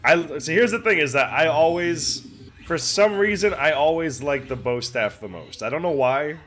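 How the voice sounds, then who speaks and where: Male reaction host, bright tone, easygoing chatter, quick to laugh, salty language. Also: fairly high pitch, soft background music. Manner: excitable, laughs often, swears casually. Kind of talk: casual reaction commentary.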